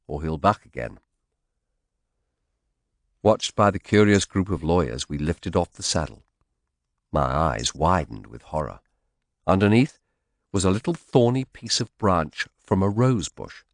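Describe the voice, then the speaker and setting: A man narrating an audiobook in first person with expressive, dramatic storytelling. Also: deep voice, unhurried, dry recording, clean studio sound.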